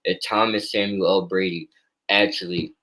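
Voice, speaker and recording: Man, low voice, co-host, casual sports chat, blunt, excitable. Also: normal speed, rough recording. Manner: blunt, excitable trash talk.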